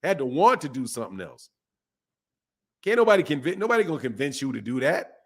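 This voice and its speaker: A man's voice: mid-range voice, big pitch swings, fairly quick. A man hosting a boxing talk stream, speaking bluntly and casually, repeating points for emphasis and reading from a live chat. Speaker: boxing channel host. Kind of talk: casual livestream commentary.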